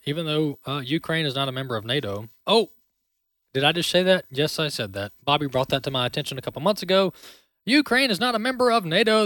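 A male talk show host delivers opinionated commentary with heavy sarcasm. His voice sits high and swings widely in pitch, with a bright edge. The sound is dry and close to the mic. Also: dry recording. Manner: sarcastic and animated.

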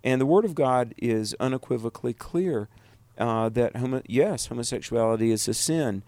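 A man's voice: mid-range voice, normal speed, a little mellow, no echo. Firm-spoken male radio co-host, dry sound. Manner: firm, declarative, interjects agreement. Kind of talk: radio talk show.

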